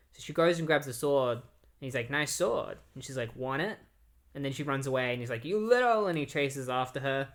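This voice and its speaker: Man of ordinary pitch, relaxed, filler-heavy comic book reviewer with frank opinions. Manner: loose and conversational, full of "like" and "um"; recaps the plot then gives blunt opinions. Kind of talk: casual spoken review.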